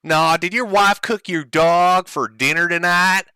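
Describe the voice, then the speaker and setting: A man's voice: high voice, steady tone, unhurried, pushed and bright, clean tone, no echo, voice pushed up, full character voice. A man doing a whiny petulant Southern drawl. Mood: snide. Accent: Southern US (put on).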